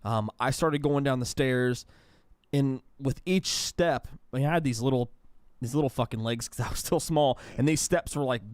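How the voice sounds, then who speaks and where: In a casual podcast chat, this male co-host rambles and keeps restarting his sentences. He speaks at medium pitch and a moderate pace, with studio-quality sound and no room noise.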